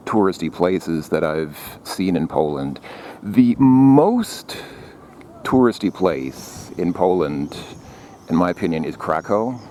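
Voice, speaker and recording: A man with a low voice records a casual travel vlog while walking outdoors through a city. He talks in a loose, rambling way, with plenty of fillers and restarts. Faint street noise runs underneath. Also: mellow. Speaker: travel vlogger.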